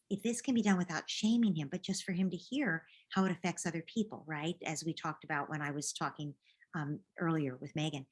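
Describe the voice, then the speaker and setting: A woman with a slightly low voice, advising parents in a live online session. She talks gently and reassuringly, as a coach walking someone through a problem.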